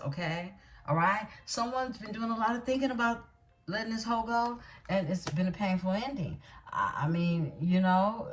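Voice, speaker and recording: A woman doing a tarot card reading, blunt and emphatic, often checking in with her listeners as she goes. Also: lowish voice. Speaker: tarot reader.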